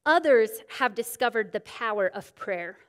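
A woman's voice: a little high, expressive, moderate pace, a bit bright. A woman in her thirties, teaching a women's Bible study in a candid, self-deprecating, storytelling way. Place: church meeting room. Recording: long church reverb.

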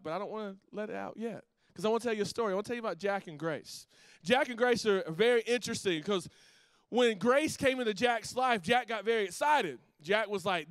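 A middle-aged man preaching a sermon as pastor, telling a story with lively restarts and asides to the congregation. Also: extremely high pitch, clear, resonant tone, no echo.

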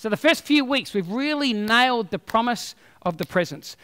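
A man preaching a sermon as a pastor, telling stories with animated humor. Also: very high voice, normal speed, smooth, long reverb tail.

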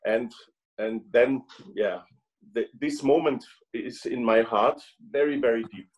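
Non-native German man, halting and repetitive, casual video-call guest. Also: mid-range voice, rough recording. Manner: halting, repeats words while searching for them. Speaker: guest trumpet player.

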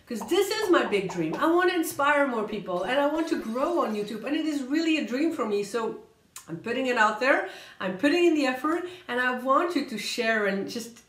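Energetic woman coaching, high voice, echoey room. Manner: energetic, emphatic, repeats words for emphasis; usually talks fast, slows down to stress key points. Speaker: career coach and vlogger. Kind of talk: motivational vlog talk to camera.

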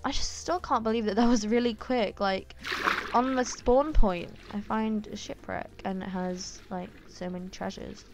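A woman giving casual gameplay commentary, chatty and excitable, with lots of ums and quick exclamations. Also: mid-range voice, over music. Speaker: gaming YouTuber.

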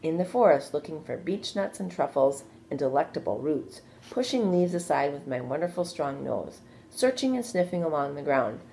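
A woman's voice: sing-song, moderate pace, gravelly, few pauses, warm tone, a little hiss or hum, full character voice. A woman voicing a young, anxious and eager male pig in a read-aloud storybook, earnest and pleading. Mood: wistful. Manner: earnest, pleading, higher than her narration.

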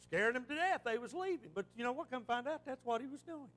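A man's voice: very high-pitched, expressive, fast talker, hardly any pauses, a bit bright. A man from western North Carolina with a Southern Appalachian accent, preaching a folksy storytelling sermon in church.

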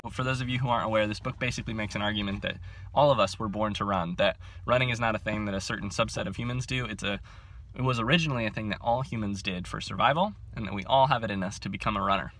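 A young man in his twenties chatting to camera about books, excitable and self-mocking, with frequent laughs, filming on a handheld phone. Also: on the low side, fast. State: overcaffeinated. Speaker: book vlogger. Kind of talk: casual chat to camera.

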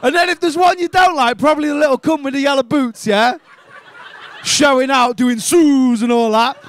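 A Liverpool man in his twenties doing a stand-up set, swearing freely and mocking people with quick put-on voices. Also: extremely high pitch, slight background noise. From England. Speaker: stand-up comedian. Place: comedy club stage.

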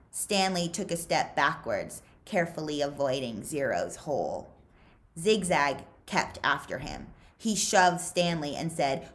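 Slow, lively woman reading a novel aloud. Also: low voice. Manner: expressive, unhurried storytelling. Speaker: library read-aloud host.

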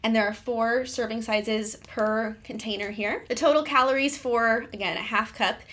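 A woman's voice: fairly high pitch, fairly even intonation, moderate pace, fairly bright tone. A young adult woman, a fitness vlogger, giving a chatty, upbeat product review and reading out nutrition facts.

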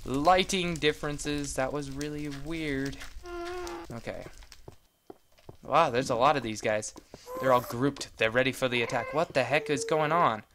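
Excitable man narrating gameplay, noisy mic. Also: mid-range voice, measured pace. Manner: excitable, jokey, rambling exclamations. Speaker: gameplay video host. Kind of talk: casual let's-play commentary.

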